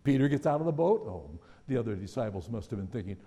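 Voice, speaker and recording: A man's voice: medium pitch, lively intonation, fast talker, mellow. Conversational man preaching in a reverberant hall. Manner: conversational, musing, asks the audience questions. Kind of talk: sermon.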